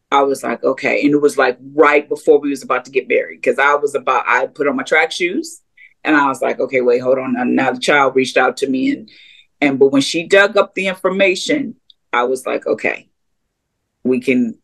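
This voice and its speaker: A woman guest sharing her story in a casual, animated, conversational way. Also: very deep voice, normal speed, creaky, poor audio. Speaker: interview guest, ministry co-founder. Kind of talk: casual personal testimony.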